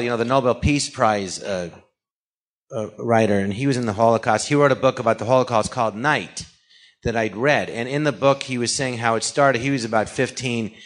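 A man's voice: mid-range voice, fairly bright tone. A man from California, a guest actor and comedian, rambling through a story in a casual interview, acting out quoted dialogue and dropping sarcastic asides. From California, USA.

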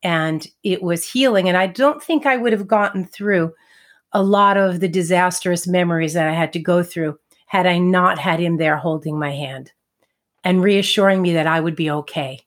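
A woman's voice: lowish voice, moderate pace. Chatty middle-aged woman telling a story. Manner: chatty, laughs between thoughts, acts out quotes. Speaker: podcast co-host and medium. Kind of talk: casual storytelling conversation.

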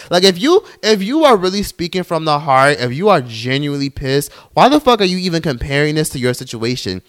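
Man, angry rant, profane, slightly high voice, yells in bursts. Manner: heated, profane, swings into yelling; mocks others in quoted put-on voices. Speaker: commentary channel host.

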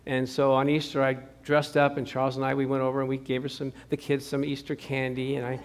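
A man's voice: mid-range voice, completely flat delivery, quick pace. A male pastor giving a sermon, telling a personal story in a chatty way and calling out to the congregation. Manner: chatty storytelling with crowd call-outs.

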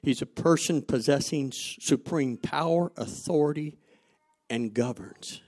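A man preaching a sermon, asking the congregation rhetorical questions and telling stories from his own life, going from loud emphasis to quiet asides. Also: medium pitch, unhurried. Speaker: pastor.

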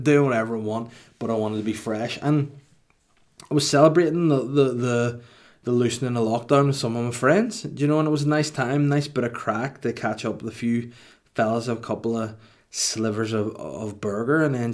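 A man's voice: mid-range voice, darkish tone. A man hosting a comedy podcast alone, rambling and self-mocking as he jokes. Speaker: podcast host. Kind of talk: comic solo podcast monologue.

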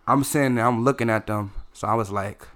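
A young man, a poet talking casually as a podcast guest, animated and swinging between loud laughing bursts and low quiet storytelling. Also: a little fast. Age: young adult. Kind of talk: casual conversation.

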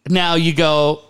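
A man's voice: fairly high pitch, fairly bright tone, clear, resonant tone. A middle-aged man co-hosting a podcast in casual, profane banter, joking and acting out quoted lines. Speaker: podcast co-host.

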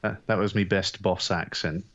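A man co-hosting a sports podcast, talking in a deadpan, dry way and wandering into anecdotes. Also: low voice, normal speed, lo-fi sound. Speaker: podcast co-host. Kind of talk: casual chat.

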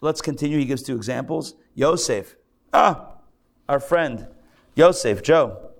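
A man teaching a live class as a rabbi, animated, acting out the voices of people he describes. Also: mid-range voice, measured pace, vocal fry. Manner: animated, acts out excited and grumbling voices. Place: lecture room with a live audience.

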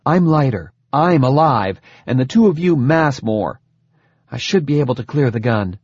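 A man voicing a calm, determined female army lieutenant in an audiobook, with a raised, steady and clipped delivery. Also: mid-range voice, moderate pace, husky, no echo. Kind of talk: audiobook character voice. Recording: dull dry lo-fi recording.

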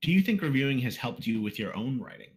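A podcast host with a medium-pitched voice talks at a quick pace in a relaxed interview. He reads out listener questions and teases his guest.

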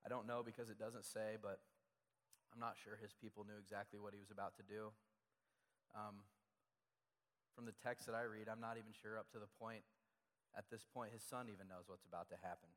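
A man's voice: on the low side, little pitch movement, a little fast, long pauses, a bit bright, in a large hall. A man preaching a sermon as pastor, talking conversationally and repeating key phrases for emphasis.

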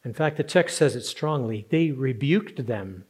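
A man's voice: medium pitch, expressive, measured pace, slightly rough. A man preaching a sermon, earnest and rising to strong emphasis on key words. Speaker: pastor.

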